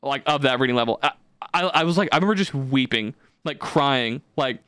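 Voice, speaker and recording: A young man hosting a podcast, telling stories in a profane, ranting, animated way. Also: medium pitch, a little fast, smooth, dry recording. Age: young adult. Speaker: podcast host. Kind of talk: casual podcast chat.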